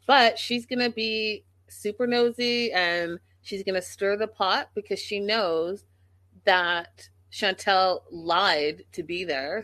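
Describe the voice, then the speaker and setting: A woman's voice: medium pitch, fairly bright tone, dry recording. A woman giving a casual, sassy recap of a reality show, acting out quotes in exaggerated voices.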